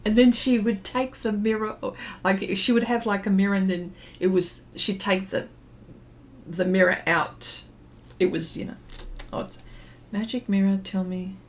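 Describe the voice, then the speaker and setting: Medium-pitched, measured, and fairly even in tone, a middle-aged woman chats on her art livestream. She draws, responds to viewer comments, and rambles through memories with frequent fillers and laughter.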